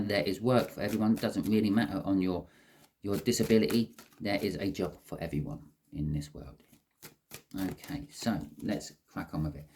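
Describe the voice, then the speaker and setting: A man with a fairly low, slightly mellow voice gives a chatty tarot reading to camera. He explains each card as he goes and says "okay" often.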